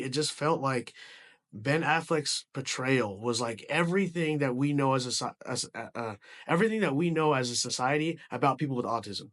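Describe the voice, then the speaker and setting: A man's voice: mid-range voice, fairly bright tone. A man giving a casual movie review, rambling with frequent restarts and casual swearing.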